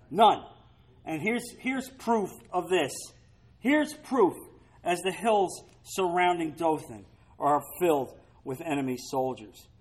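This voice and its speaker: This sermon comes from a pastor with a fairly high, slightly rough voice, captured in poor audio. Between scripture readings he turns to the congregation with dramatic, emphatic remarks that climb to loud peaks.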